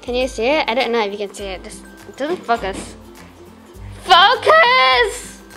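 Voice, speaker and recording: A teenage girl from Malaysia, gushing excitedly as she unboxes fan mail at home. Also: a little high, fast talker, faint music behind. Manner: gushing, excitable fangirling with many "oh my gosh". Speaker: vlogger.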